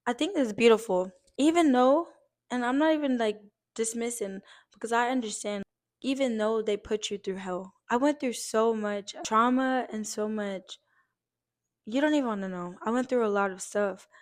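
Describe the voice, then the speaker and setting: A woman's voice: fairly high pitch, normal speed. A young woman talking casually to her viewers, earnest and close to tears, giving heartfelt encouragement with many "likes" and a few swears. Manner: earnest, emotional, on the verge of tears; casual, uses fillers like "like" and swears lightly. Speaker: vlogger. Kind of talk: heartfelt encouraging vlog talk.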